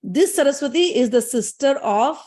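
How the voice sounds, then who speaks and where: Female spiritual teacher, storytelling discourse, conversational and explanatory, slightly high voice. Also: animated, moderate pace, a little mellow. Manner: conversational, explanatory, with fillers and asides.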